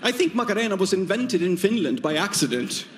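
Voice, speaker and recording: A man with a high voice does a stand-up comedy set in front of a live audience, jumping into mimicry of foreign speech and swearing. The recording comes from a noisy live venue. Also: sing-song, fairly quick. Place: stage before a live audience.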